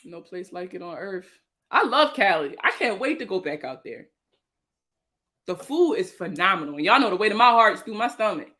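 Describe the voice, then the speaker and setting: Bright, chatty Baltimore woman streaming live. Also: medium pitch, sing-song, moderate pace. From Baltimore, USA. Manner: loose, slangy and chatty, reads out viewer names. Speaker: financial educator hosting a livestream. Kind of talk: casual livestream chat answering viewer comments.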